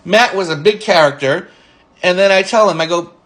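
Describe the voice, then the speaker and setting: High-voiced man rambling through memories. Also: fairly bright tone. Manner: rambling, halting, laughs between stories. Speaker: storyteller recalling a friend. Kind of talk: casual spoken reminiscence.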